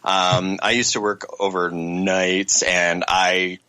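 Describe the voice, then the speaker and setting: A man with a low, bright, forceful voice talks as a guest on a podcast. He rambles loosely and pokes fun at himself, padding his sentences with fillers. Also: level tone, takes it slowly, smooth. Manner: rambling, self-deprecating, many fillers. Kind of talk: casual chat.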